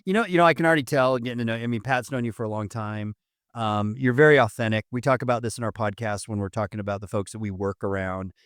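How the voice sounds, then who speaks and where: Fast-talking, smooth-voiced male co-host. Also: lowish voice, fairly even intonation, no echo, clean studio sound. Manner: eager, effusive interviewer. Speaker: podcast co-host. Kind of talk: casual interview chat.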